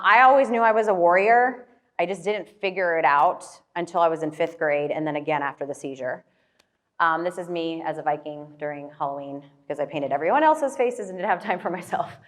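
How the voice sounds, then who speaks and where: A woman with a slightly low voice gives a motivational talk, relating a personal story casually and loosely with plenty of filler words. She often turns to the audience with quick questions.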